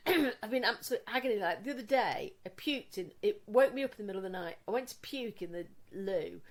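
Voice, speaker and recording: Woman, middle-aged, sweary storyteller, animated pitch. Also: brisk. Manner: chatty storyteller, sweary, laughs often. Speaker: podcast co-host. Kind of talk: casual chat.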